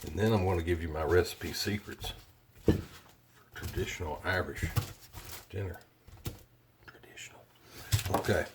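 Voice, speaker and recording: A deep-voiced man walks through a home kitchen recipe in a relaxed, chatty way, often pausing on fillers. His voice sits low. A faint hiss runs under the camera mic. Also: creaky. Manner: chatty, plainspoken, with frequent fillers. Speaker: cooking video host. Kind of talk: casual cooking demonstration.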